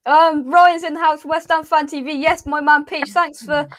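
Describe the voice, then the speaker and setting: A woman hosts a casual live chat in a high, bright voice. She giggles often and reads viewers' comments aloud in an easy, friendly rhythm. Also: fairly even intonation, normal speed. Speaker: host.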